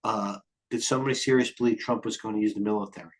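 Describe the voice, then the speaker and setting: A man's voice: on the low side, fairly even intonation. A middle-aged man hosting live market commentary, rambling and jumping between tangents. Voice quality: occasional cursing, blunt and fast-thinking. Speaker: trading stream host.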